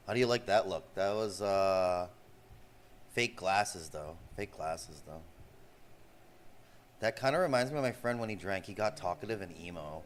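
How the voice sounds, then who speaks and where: A man's voice: sits low, normal speed, long pauses. A man in his forties telling stories in loose, profane casual chat, often tossing in "bro". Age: 40s. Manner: loose, profane, animated, says "bro" a lot. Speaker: streamer.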